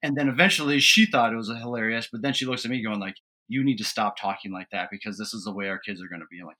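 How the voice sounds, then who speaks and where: A man in his thirties, a guest and father, telling family stories in an animated, casual way and laughing along. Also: lowish voice, fast talker, hardly any pauses. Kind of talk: casual storytelling.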